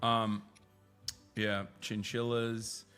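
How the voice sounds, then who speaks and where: A young man hosting a stream, chatting and joking excitedly with friends and swearing casually. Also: lowish voice, drawn-out words, clear, resonant tone, soft background music. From United States. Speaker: streamer host. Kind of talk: casual reaction chat with friends.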